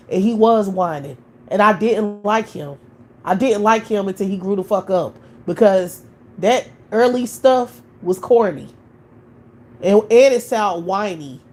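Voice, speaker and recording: A woman's voice: medium pitch, a little mellow. A woman hosting a live stream, talking in a blunt, profane, opinionated way in casual chat.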